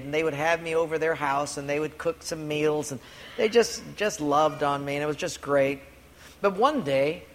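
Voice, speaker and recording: With a fairly high, fairly bright voice, a pastor shares a personal story during his sermon, speaking earnestly and repeating key lines to drive them home. The recording carries long hall reverb and faint room noise.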